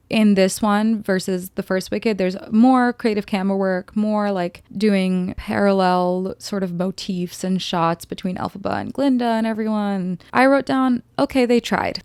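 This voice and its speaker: A woman's voice: medium pitch, darkish tone, clean tone, no room sound, studio quality. A young woman giving a casual, opinionated spoken film review with sarcastic asides.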